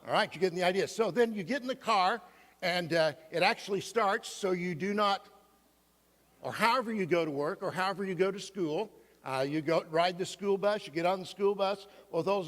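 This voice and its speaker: A man's voice: a little high, fairly bright tone. A middle-aged male pastor giving a playful sermon and quizzing the congregation. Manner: playful, asks the congregation questions. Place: church sanctuary. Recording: long reverb of a church hall.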